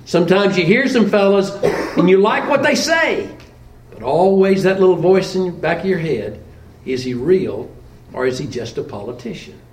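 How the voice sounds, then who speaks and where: Animated, high-pitched man preaching a sermon. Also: normal speed, roomy sound, recorded from a distance, slight background noise, poor audio. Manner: plainspoken, conversational, with restarts and rhetorical questions.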